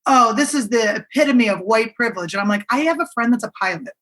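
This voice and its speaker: Woman, 30s, comedian guest; frank and sweary, bright voice. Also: expressive, quick pace. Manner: candid, swearing, drops low and quiet at the ends of thoughts. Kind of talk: casual chat.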